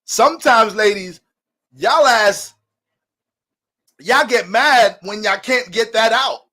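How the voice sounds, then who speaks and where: A man's voice: sits high, slow pace, bright, forceful tone. A man talking as an astrologer in a casual, profane and joking monologue.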